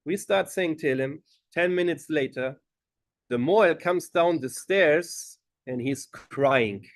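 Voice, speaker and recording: A rabbi tells a long story to a gathering, slipping into the voices of the people he quotes. His voice sits a little high for a man. The sound is close and dry, with almost no room echo. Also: slow. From Germany. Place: gathering hall.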